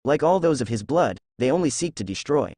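A man's voice: medium pitch, animated, brisk, a little mellow, breathy edge, no echo. A man voicing a scornful, snappish giant male fox beast in a read-aloud story, in a dry recording. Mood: disdainful. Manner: contemptuous, snappish.

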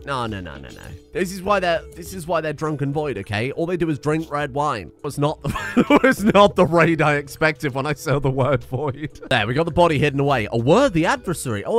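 Animated man gaming commentary. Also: a little high. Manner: animated, joking, swears freely, bursts into laughter. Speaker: gaming YouTuber. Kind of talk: comedic let's-play commentary.

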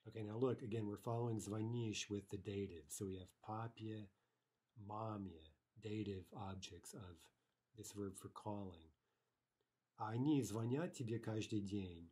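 A man teaching a language lesson who reads example sentences aloud and then explains them, often checking in with "right?" and filling pauses with "uh". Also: fairly low pitch, mellow. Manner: often ends phrases with a checking "right?" and uses "uh" as filler.

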